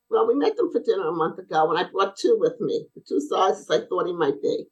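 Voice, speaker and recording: This podcast guest, a middle-aged owner of a brace company, chats casually and brings her anecdotes to life by performing the characters' quoted lines. She speaks fairly quickly in a lowish voice, captured on a low-quality recording.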